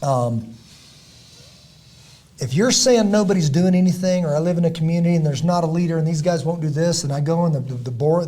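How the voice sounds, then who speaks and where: A middle-aged man, a former Navy SEAL hosting a podcast, talking in an emphatic, preachy and motivational way that rises to loud peaks and drops low, often clearing his throat.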